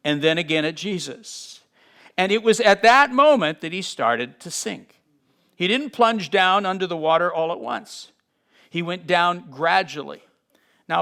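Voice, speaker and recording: Animated man teaching the Bible. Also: high-pitched. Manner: animated, acts out scenes with sudden shifts in loudness. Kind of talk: Bible teaching, reading aloud with asides.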